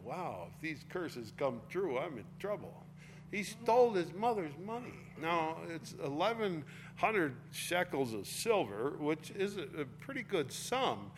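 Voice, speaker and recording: A man's voice: on the high side, slight background noise. A man teaching a Bible study, explaining a passage in a casual, chatty way with an occasional laugh. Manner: casual explaining, reading scripture aloud with force.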